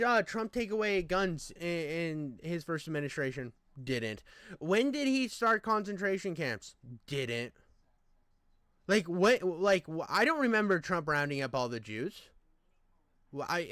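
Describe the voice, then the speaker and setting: This young man's reaction to a video turns into a profane, exasperated rant stuffed with fillers and false starts, delivered as heated casual commentary. Oddly, his high-pitched voice is sing-song and measured in pace, smooth with a fairly bright tone, in a dry recording.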